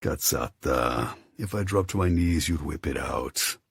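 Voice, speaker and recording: A man's voice: a bass voice, lively intonation, measured pace, vocal fry, husky, dry recording, clean studio sound, heavily acted. A man voicing a hotheaded young mafia heir who snarls and curses in Italian, in an audiobook. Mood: snarling.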